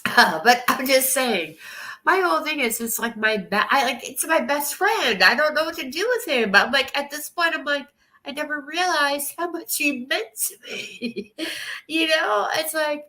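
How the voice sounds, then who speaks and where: A bright-voiced woman talks slowly to her livestream chat, tearful and rambling. Her pitch swings widely as she laughs through her crying. She sits a little higher in pitch than most women. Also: lively intonation.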